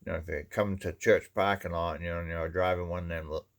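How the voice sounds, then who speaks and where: A man with a Maine accent talks in a rambling, folksy way, padding his sentences with "you know". His voice sits very low and has a heavy gravelly fry. He sounds like he is chatting to a camera on a lazy afternoon. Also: steady tone, fast. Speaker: vlogger. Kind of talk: casual folksy monologue.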